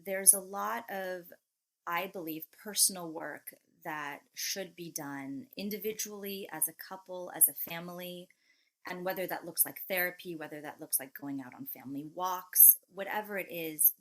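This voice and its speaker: Reflective woman with a lowish voice. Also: a bit bright, low-quality recording. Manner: reflective, measured, pauses to rephrase. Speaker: guest, mother of three. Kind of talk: heartfelt interview conversation.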